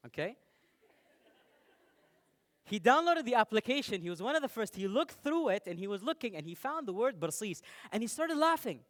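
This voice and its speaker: Animated young man giving a stage talk. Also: high voice, moderate pace, pauses often. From United Arab Emirates. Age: young adult. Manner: animated, playful, addresses the audience directly. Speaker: speaker. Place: stage before an audience.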